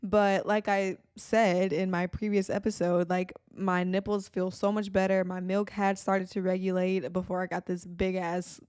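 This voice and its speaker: A woman's voice: fairly low pitch, level tone, normal speed, few pauses, darkish tone, smooth, no room sound, studio quality. A young woman in her twenties hosting a podcast in casual chat, with a habit of saying "like" a lot. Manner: chatty, frequent "like" fillers. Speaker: podcast host.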